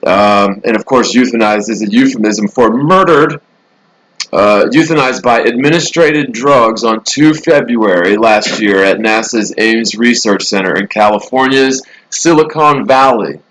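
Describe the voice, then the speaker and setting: A man's voice: on the low side, measured pace, fairly bright tone, rough recording. A man hosting a casual live stream from a hotel room, rambling through the news with sarcastic asides. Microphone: laptop mic.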